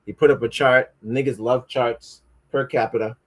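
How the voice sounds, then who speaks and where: A man's voice: mid-range voice, fairly even intonation, moderate pace. A man streaming live, rambling and stumbling over words as he reads aloud, with mocking, sarcastic remarks. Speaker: livestreamer. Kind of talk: casual livestream commentary.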